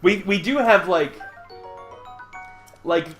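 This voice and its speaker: A man from the United States chatting casually while streaming a game, laughing often and swinging between loud bursts and quiet asides. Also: high voice, takes it slowly, faint music behind. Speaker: streamer host. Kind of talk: casual chat while gaming. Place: indoors at home.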